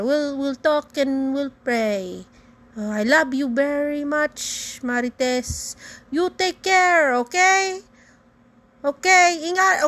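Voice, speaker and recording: A woman's voice: high voice, fairly bright tone, voice pushed up. A woman voicing an older, pious Filipino auntie with a Filipino accent who scolds, rambles and repeats herself.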